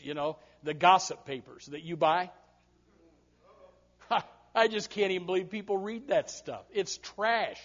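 A man preaching a fiery sermon as pastor, dropping to low asides and then rising to loud preaching, with quick repeated restarts. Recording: dull lo-fi recording.

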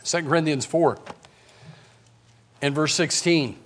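A man preaching a sermon as pastor, fiery, swinging from loud shouts to quiet asides, with stammering restarts. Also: high-pitched, expressive, moderate pace. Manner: repeats words, stammering restarts.

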